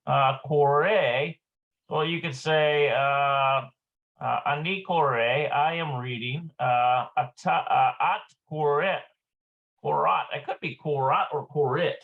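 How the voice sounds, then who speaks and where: A man teaching a live online language lesson, slow and halting, with many filler sounds. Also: on the high side, narrow, tinny audio. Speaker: Hebrew teacher.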